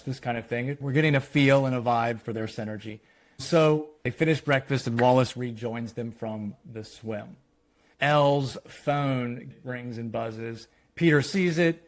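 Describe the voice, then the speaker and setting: A man, a screenwriter, casually talking through his screenplay treatment scene by scene, with loose phrasing and quoted dialogue. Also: medium pitch.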